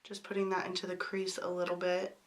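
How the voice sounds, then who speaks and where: Casting note: young woman beauty vlogger, hoarse with a cold, slightly low voice, chatty and apologetic. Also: monotone, a little fast, a little hiss or hum. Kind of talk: makeup tutorial talk.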